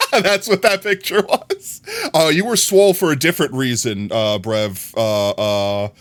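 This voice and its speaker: Giggly, animated male streamer. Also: unhurried. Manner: giggly, laughs often and breaks into high squeals; playful and teasing. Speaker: live streamer. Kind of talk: casual live-stream chat with viewers.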